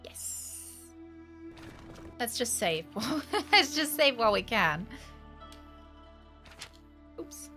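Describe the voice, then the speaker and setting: A woman's voice: a little high, very animated, very slow, long pauses, bright, forceful tone, faint music behind. Chatty Scottish woman streaming a game. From Scotland. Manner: chatty, joking, swears. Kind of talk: casual gameplay commentary.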